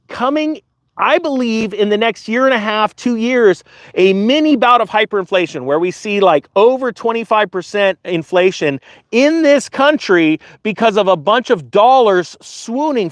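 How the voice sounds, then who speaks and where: Male finance commentator, high and very lively pitch, jokey digressions, dry close sound. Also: dry recording. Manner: animated, digressive, jokey asides to viewers. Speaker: finance commentator, channel host. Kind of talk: casual commentary while reading an article aloud.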